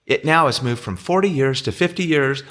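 A man's voice: mid-range voice, normal speed, fairly bright tone. Patient middle-aged man explaining money. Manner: patient explainer, restarts often. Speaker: podcast co-host explaining investing. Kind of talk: casual podcast chat.

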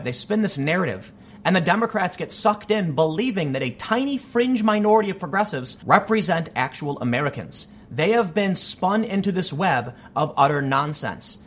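A man's voice: on the high side, a little hiss or hum. A man delivering an opinion monologue on politics, emphatic and argumentative. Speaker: political commentator.

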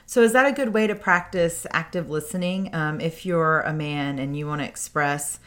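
Deep-voiced wife cohosting a podcast, open and chatty, laughs a lot. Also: female voice, normal speed, a bit bright. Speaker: podcast co-host. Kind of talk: casual podcast chat.

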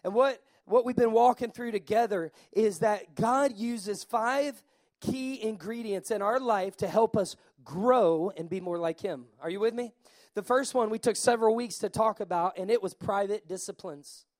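A pastor preaching to his congregation in a high, bright-sitting voice. He is animated, swinging from soft asides to loud calls, and often repeats words as he goes. The sound is dry and close. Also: normal speed, no room sound. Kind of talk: sermon. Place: church service.

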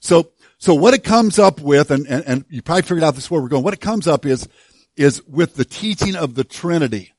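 A middle-aged man delivering a sermon from the pulpit, chatty and self-deprecating, stumbling and restarting as he works through his point. His voice sits a touch higher than most men's, and the sound is dry and close with little room echo. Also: expressive, brisk, darkish tone. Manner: conversational and self-deprecating, with frequent restarts and humor. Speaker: pastor.

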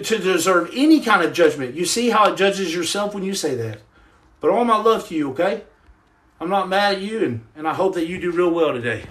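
A middle-aged man hosting a podcast, answering live comments in an earnest, preachy way, rising to loud emphasis and dropping to soft murmurs. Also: high-pitched. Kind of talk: preachy live-stream chat.

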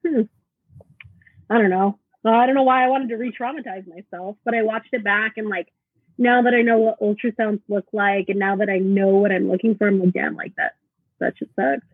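Podcast guest, woman, husky, halting chat, dry close sound. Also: mid-range voice, steady tone, no echo. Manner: halting, filler-heavy storytelling. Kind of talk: casual chat. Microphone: video call. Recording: tinny phone-like video call audio.

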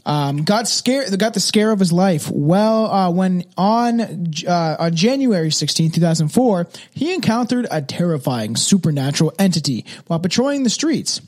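A man's voice: high voice, expressive, normal speed, hardly any pauses, a little mellow. A young man hosting a podcast, telling spooky stories in loose, rambling, profane casual chat. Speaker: podcast host.

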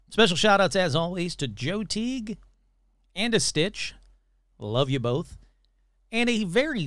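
A man's voice: high voice, fairly bright tone, no echo, studio quality. A man hosting his own podcast in a casual, playful solo chat, cheerfully rattling off names of listeners. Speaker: podcast host.

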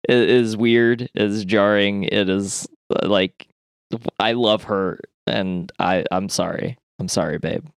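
A man's voice: fairly low pitch, steady tone, slow, gravelly, smooth, dry recording, studio quality. A man hosting a podcast, chatting casually with profane, emphatic opinions. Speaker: podcast host. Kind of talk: casual chat.

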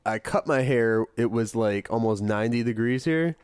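A man's voice: mid-range voice, normal speed, clear, resonant tone, no echo, studio quality. A young man co-hosting a casual podcast, with a laid-back drawling voice and a lingering cold cough. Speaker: podcast co-host.

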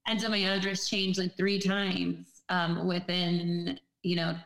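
A woman who is a guest on a podcast, chatting in a relaxed, rambling way with many filler words. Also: fairly low pitch, unhurried, creaky, rough recording. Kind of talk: casual chat.

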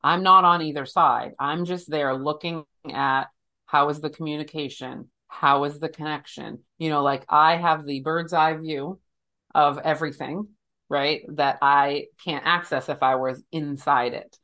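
Low-voiced woman counselor, loose chatty talk. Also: steady tone, measured pace, bright, forceful tone. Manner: searching, loose phrasing with many fillers. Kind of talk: casual conversation.

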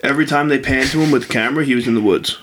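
A man's voice: mid-range voice, very fast, fairly bright tone. A man in a middle register bantering on a podcast. His talk is crude and joking, with plenty of casual swearing. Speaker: podcast co-host. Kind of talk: casual chat.

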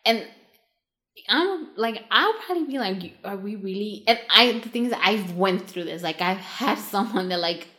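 Young woman just chatting, rambly, says like a lot, mid-pitched voice, acts out quotes. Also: moderate pace. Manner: rambling, filler-heavy, animated quoting of others. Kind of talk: casual chat.

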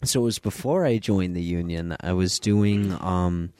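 Very deep-voiced young man. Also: warm tone, smooth, dry recording. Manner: reacts with laughs and quick agreement. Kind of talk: casual chat.

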